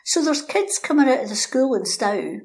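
Animated woman telling a story. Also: high-pitched, moderate pace. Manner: lively, animated, acts out characters. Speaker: local storyteller guest. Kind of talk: anecdotal storytelling.

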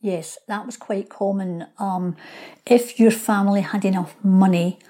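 A woman's voice: mid-range voice, fairly even intonation, unhurried, dark tone. A woman historian explaining things in an interview, sometimes acting out the people she describes. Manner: explanatory, acts out quoted voices. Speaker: local historian guest.

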